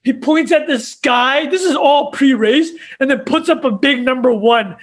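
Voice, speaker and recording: A man's voice: extremely high pitch, moderate pace. A young man co-hosting a podcast, telling a story in casual chat and laughing often as he goes. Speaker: podcast co-host.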